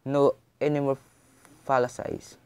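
An eager, naive college girl, as a male reader puts her on, pitched up above his own voice and gushing breathlessly. The read-aloud story keeps his mellow tone underneath. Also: a little slow, clear, resonant tone, close to an everyday voice. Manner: breathless and excitable.

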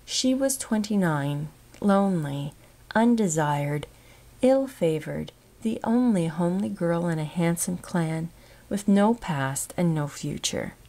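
Expressive woman reading a novel aloud. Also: lowish voice. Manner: measured, expressive reading with soft whispered moments. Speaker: audiobook narrator. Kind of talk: scripted narration.

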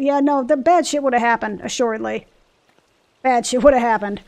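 A woman's voice: a little high, a little fast, darkish tone. A woman giving casual gameplay commentary, sarcastic and swearing as she riffs on the game's dialogue. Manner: sarcastic, swears, mock-reads game dialogue. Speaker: let's play gamer. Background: faint game music.

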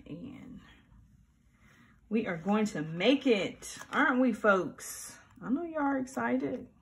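A woman's voice: fairly high pitch, animated, slow, gravelly. A middle-aged woman, chatting casually and animatedly while decorating a planner, with mock-grumpy asides. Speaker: planner vlogger. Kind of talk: casual plan-with-me chat.

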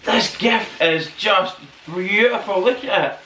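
A man's voice: high-pitched, takes it slowly. A man hosting an unboxing vlog, chatty and full of exclamations. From Northern Ireland. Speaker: channel host. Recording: echoey room, mic at a distance, noisy.

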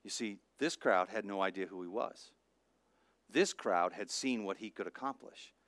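A middle-aged man, a pastor, preaching a sermon with lively storytelling that swings between hushed and loud. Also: fairly low pitch, moderate pace, no echo. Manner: animated storytelling, acts out voices, swings from soft to loud.

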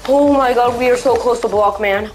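Excitable woman yelling at a game. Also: on the high side, moderate pace, poor audio. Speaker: gamer. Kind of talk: let's play commentary. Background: game music.

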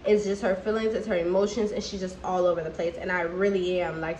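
A pregnant young woman, chatting candidly to camera at home in a vlog with animated asides. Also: on the low side, brisk, hardly any pauses, a little hiss or hum. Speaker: vlogger. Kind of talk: casual chat to camera.

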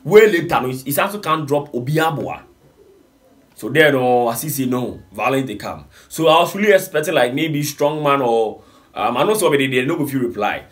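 A man with a Ghanaian accent mixing Pidgin, hosting a casual entertainment reaction video, reading out comments and pleading with lively swings in his voice. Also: medium pitch, brisk. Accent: Ghanaian English with Pidgin. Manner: animated, reads comments aloud, pleading.

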